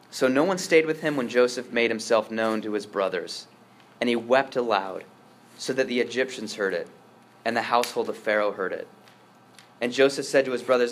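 This priest delivers his sermon at a moderate clip with a medium-pitched, animated voice. He is earnest and forceful, repeats words when he restarts, and moves from strong emphasis to quiet asides.

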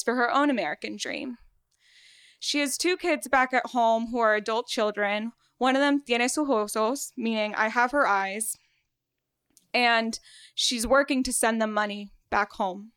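A young woman raised in Florida after a childhood in Venezuela tells a personal story live on stage, lively and quick to poke fun at herself. Her voice is bright, smooth and clear. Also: on the high side. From Venezuela, raised in South Florida. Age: 20s. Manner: lively and self-deprecating, laughs often. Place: theater stage, live event.

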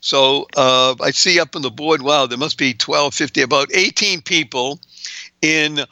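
Host, male, raised, upbeat and talkative, bright ringing tone, dry close studio sound. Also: on the high side, unhurried, no echo. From Boston, USA. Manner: enthusiastic, chatty, laughs often. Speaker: radio show host. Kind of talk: upbeat radio talk.

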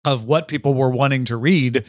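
An easygoing man co-hosting a book podcast, agreeable and chatty, often filling in with a quick "yeah". His voice sits at a middle pitch and sounds close and dry. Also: fairly even intonation, no room sound. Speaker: podcast co-host. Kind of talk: casual chat.

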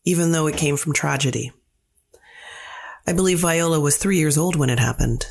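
A woman playwright being interviewed, telling stories in a lively way and acting out the quotes. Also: low-pitched, normal speed, vocal fry. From Canada. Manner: animated storyteller who acts out quotes. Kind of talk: casual interview talk.

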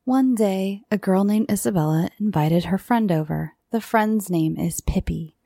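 Slow woman reading kids' stories. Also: medium pitch, vocal fry, no echo, faint music behind. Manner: slow, expressive storytelling. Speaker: narrator. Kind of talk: reading children's stories aloud.

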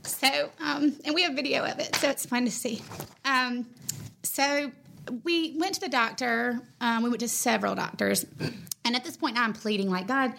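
A woman's voice: fairly high pitch, normal speed, creaky, a bit bright, a little hiss or hum. A woman, animatedly telling a personal story and acting out quoted dialogue. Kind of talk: personal testimony.

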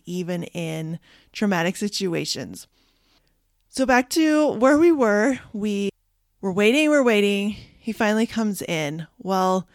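Candid low gravelly woman podcaster. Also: no room sound, clean studio sound. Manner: candid, emotional, halting with fillers. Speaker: podcast host. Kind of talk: personal storytelling to listeners.

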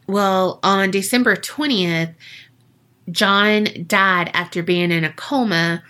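Slow, bright-voiced woman podcast host. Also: mid-range voice. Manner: profane, joking, lots of "like". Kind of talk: casual storytelling chat.

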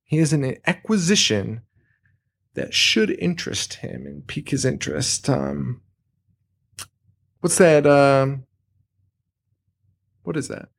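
A man's voice: a little high, slow, gravelly, pauses often. A man co-hosting a podcast, casually recapping a horror episode, joking, swearing and laughing often. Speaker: podcast co-host.

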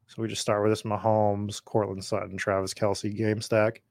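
A man's voice: lowish voice, little pitch movement, normal speed, creaky, darkish tone, dry recording, clean studio sound. A man hosting a podcast, talking in a rambling, chatty way as he drafts and answers viewer comments, his voice slightly worn. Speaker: podcast host. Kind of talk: casual live drafting commentary.

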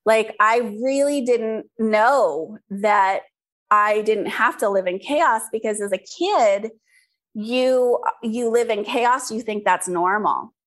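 A woman's voice: fairly high pitch, takes it slowly. Candid woman sharing her story. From California, USA. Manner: earnest, frequent ums and restarts. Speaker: interview guest, skincare business founder.

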